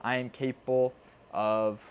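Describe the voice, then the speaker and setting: A man's voice: medium pitch, little pitch movement, a little slow, narrow, tinny audio. Earnest man giving a motivational talk. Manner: earnest, repeats himself, swears casually. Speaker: self-improvement coach. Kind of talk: casual motivational talk to camera. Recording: faint background noise.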